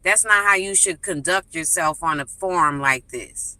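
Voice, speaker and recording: A woman's voice: fairly low pitch, normal speed, hardly any pauses, bright, forceful tone, dry recording, rough recording. A woman calling in to a live stream, speaking indignantly with scolding rhetorical questions. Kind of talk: impassioned call-in commentary.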